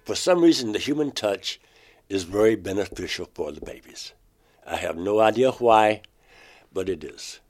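Telling an interviewer about something strange that happened to him, a painter speaks in a lowish, dark-toned, expressive voice. He breaks off and restarts partway through phrases, rising steeply in pitch as he quotes himself.

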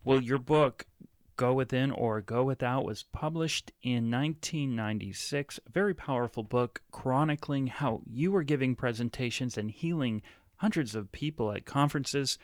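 A man's voice: mid-range voice, moderate pace, no room sound, studio quality. A man hosting an interview show, reading a formal scripted introduction and asking questions. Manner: formal, read-from-script delivery. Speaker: radio show host.

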